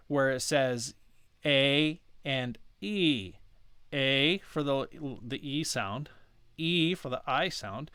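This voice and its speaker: Man teaching sounds with slow, careful demos. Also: mid-range voice, fairly bright tone, smooth, no echo. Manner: chatty, self-correcting, drawing out sounds slowly to demonstrate. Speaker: language teacher. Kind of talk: casual instructional explanation.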